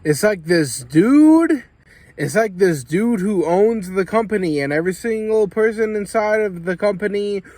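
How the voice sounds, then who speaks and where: Profane rambling American man, high voice. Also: a little mellow, no echo. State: drinking, coughing. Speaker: vlogger. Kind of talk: casual rambling vlog monologue.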